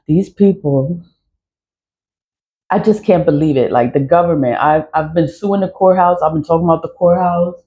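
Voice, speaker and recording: A woman's voice: fairly low pitch, measured pace, darkish tone. A middle-aged woman, venting angrily to camera in a profane monologue and repeating herself for emphasis. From New York. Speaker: vlogger.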